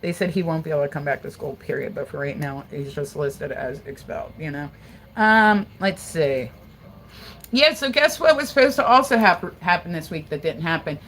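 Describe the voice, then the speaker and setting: A woman's voice: low voice, expressive, normal speed, a bit bright, slight background noise, rough recording. Profane rambling woman livestreamer. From Delaware, USA. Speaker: livestream host. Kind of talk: casual livestream chat.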